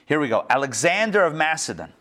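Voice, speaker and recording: A man teaching an online Talmud lesson, animated, repeating phrases and asking rhetorical questions, acting out the quotes in the stories he tells. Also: quick pace. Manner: acts out story quotes in varied pitch. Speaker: rabbi teaching a class.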